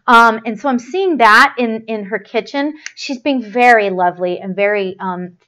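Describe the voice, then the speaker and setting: A woman hosting a live spiritual stream, giving a psychic reading in a rambling, halting way with many fillers and restarts, and a gushing, affectionate tone. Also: on the high side, pushed and bright, highs cut off. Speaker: medium hosting a live show.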